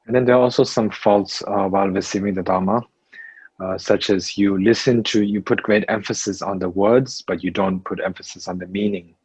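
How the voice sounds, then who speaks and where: A man teaching a Buddhist class in English, speaking slowly and haltingly with many fillers and restarts. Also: low-pitched, steady tone, a little mellow, husky, no echo, low-quality recording.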